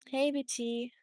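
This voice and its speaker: A woman with a thick German accent hosts a live stream, reading out viewer comments and chatting back with easy laughter. Her voice sits a little high. The sound is close and dry, with no room echo. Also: darkish tone. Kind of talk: casual live-stream chat. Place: home in Tennessee.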